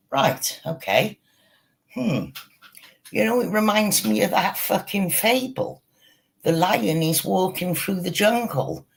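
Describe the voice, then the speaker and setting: Gravelly, rambling British man swearing. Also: a little high. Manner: meandering, swears constantly, tells a fable. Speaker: streamer reacting to clips. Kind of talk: rambling profane commentary.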